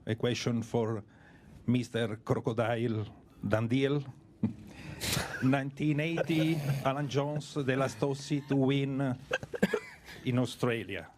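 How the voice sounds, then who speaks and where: A man's voice: mid-range voice, fairly even intonation, measured pace, a little mellow, a little hiss or hum. A male journalist asking a press conference question in a playful, jokey way.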